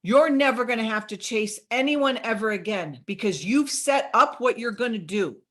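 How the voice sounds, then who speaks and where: A middle-aged woman giving an energetic sales training talk to a group, coaching them and acting out sample chats. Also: a little high, normal speed.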